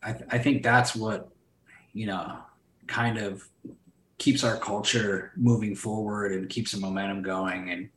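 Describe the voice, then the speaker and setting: A man's voice: on the low side, steady tone, measured pace, fairly bright tone. A man talking as a podcast guest in casual chat, loose and rambling, full of fillers and swearing. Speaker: podcast guest, solar sales entrepreneur. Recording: roomy echo.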